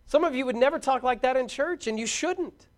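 Preaching with fervor, a middle-aged man in a very high voice shouts encouragement at the young people listening. His pace is a little fast.

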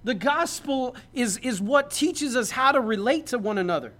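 A man's voice: extremely high pitch, lively intonation, normal speed, fairly bright tone. A man, a pastor, preaching a sermon in a conversational, joking way that builds to emphatic points.

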